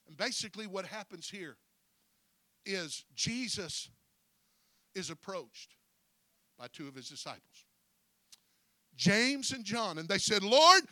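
A man preaching a sermon as pastor, folksy and breaking his phrases with "uh", swinging from quiet storytelling to shouted preaching. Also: fairly high pitch, dry recording.

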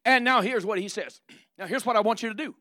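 A man preaching a sermon, moving from quiet asides to loud, fervent preaching. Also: high voice, fast, dry recording, studio quality.

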